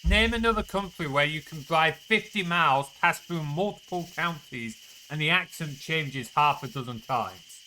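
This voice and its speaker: A man's voice: fairly high pitch, animated, normal speed, few pauses, sharp tone, a little hiss or hum, low-quality recording. A man with a Yorkshire accent giving casual, chatty commentary while streaming a game, swearing freely and answering his chat aloud. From Northern England.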